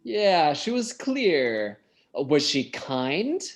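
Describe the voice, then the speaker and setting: A man teaching an English class online, slowly asking students questions and encouraging them to answer. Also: fairly high pitch, sing-song.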